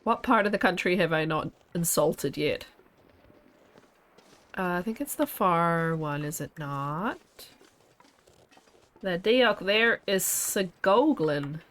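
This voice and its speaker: A woman with a fairly low voice chats her way through a game stream. She rambles from one aside to the next and laughs often, in a relaxed, casual way. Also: takes it slowly, long pauses. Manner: chatty, laughs often, wanders between asides. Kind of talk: casual gameplay commentary.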